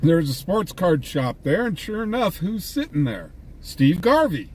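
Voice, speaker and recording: A man's voice: high voice, sing-song, moderate pace. A man hosting a live stream, casually telling anecdotes and laughing at his own stories while he sits in a vehicle. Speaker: livestream host and scanner chaser. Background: faint vehicle and ambient noise.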